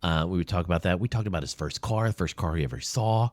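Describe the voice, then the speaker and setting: A man's voice: low-pitched, expressive, fast, no room sound, studio quality. A man telling heartfelt stories as a guest in an interview, earnest and openly emotional. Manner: earnest, emotional, storytelling with quoted voices. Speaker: podcast guest, veteran advocate. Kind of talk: conversational storytelling interview. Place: small room.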